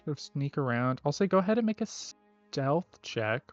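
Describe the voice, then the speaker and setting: A man narrating a tabletop game as game master, halting with many fillers. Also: on the high side, animated, no room sound, highs cut off, soft background music. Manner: halting, full of "um" and "like".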